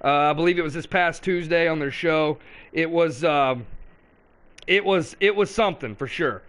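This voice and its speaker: A man's voice: fairly high pitch, moderate pace, fairly bright tone. A man hosting a live call-in show, talking in a brash, profane and rambling way.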